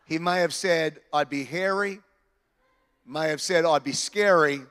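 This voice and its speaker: Guy preaching, animated and jokey, bit high voice, big hall echo. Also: unhurried, clean tone. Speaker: pastor. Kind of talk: sermon. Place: church hall.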